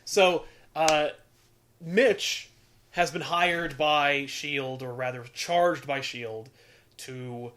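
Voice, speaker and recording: Bright-voiced man rambling through a comic recap. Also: fairly high pitch, extremely slow. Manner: rambling, profane storytelling with many fillers. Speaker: podcast host. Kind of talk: casual chat recapping a comic.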